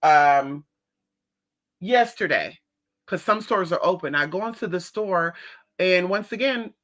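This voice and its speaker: Sassy woman chatting on a livestream. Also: unhurried. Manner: sassy, animated storytelling with big pitch jumps when quoting people. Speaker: livestream host. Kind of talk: casual livestream chat.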